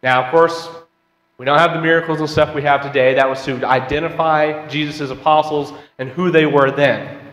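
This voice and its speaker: A man's voice: a little high, fairly even intonation, normal speed, fairly bright tone. Man teaching a Bible class in a hall. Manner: conversational, asks the class questions, reads scripture aloud. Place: church auditorium. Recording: roomy hall with long reverb.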